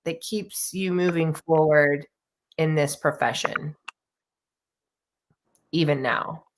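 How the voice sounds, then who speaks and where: A woman hosts a relaxed conversation, asking open questions in an encouraging tone. She affirms her guest often and speaks in an easy, everyday voice. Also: low-pitched, slow pace, noisy background. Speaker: interview host. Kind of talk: casual interview chat.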